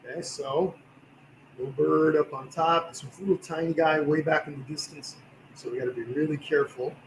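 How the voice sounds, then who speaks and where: Male painting instructor, slightly raised pitch, tired voice, encouraging, roomy live-stream sound. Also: brisk, slight background noise. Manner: relaxed, encouraging, talks while working. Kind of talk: livestream painting tutorial.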